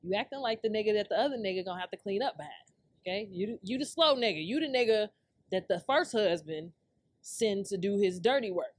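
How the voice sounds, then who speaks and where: Woman podcast host, casual rant, swinging pitch, dry close sound, blunt and profane. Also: expressive, fairly quick, no echo. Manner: profane, blunt, laughing often.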